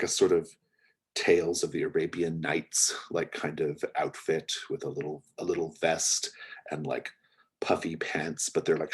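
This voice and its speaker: A man's voice: extremely low pitch, breathy edge. A man narrating as game master of a tabletop role-playing game, rambling with many fillers and restarts.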